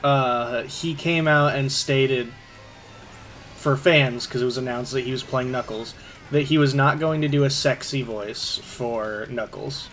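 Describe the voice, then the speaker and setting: A laid-back man in casual stream chat, talking in an easygoing way with plenty of ums and likes. His pitch sits in a middle range. Soft game music plays underneath. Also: steady tone, a little slow. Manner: easygoing, chatty, many fillers.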